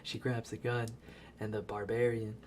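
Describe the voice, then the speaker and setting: A man giving a casual, profane recap of a movie as a voice-over, animated and laughing as he tells it. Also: lowish voice, normal speed. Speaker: video creator.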